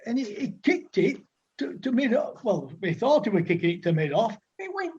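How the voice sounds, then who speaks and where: A man in his sixties with a broad Lancashire accent tells stories in a rambling, chatty way, full of dialect words and fillers. His voice sits high and sounds husky. The recording is dull and lo-fi. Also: sing-song, moderate pace, a little mellow. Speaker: podcast guest, former cricketer. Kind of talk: anecdotal storytelling.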